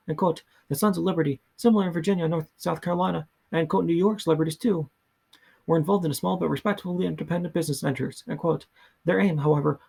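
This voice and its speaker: A man reading a history book aloud in a soft ASMR style, slow and halting, often stumbling and restarting words. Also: on the high side, vocal fry, slightly rough. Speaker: ASMR reader.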